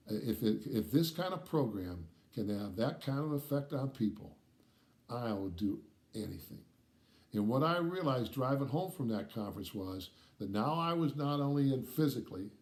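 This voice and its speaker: A middle-aged man from Ohio telling a personal story in an animated way, dropping to a soft hush when it turns emotional. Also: medium pitch. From Ohio, USA. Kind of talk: storytelling talk.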